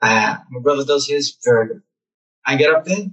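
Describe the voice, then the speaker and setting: A young man telling lively stories about his childhood as a guest in a casual interview. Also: medium pitch, moderate pace, recorded from a distance, highs cut off. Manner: animated, acts out childhood memories.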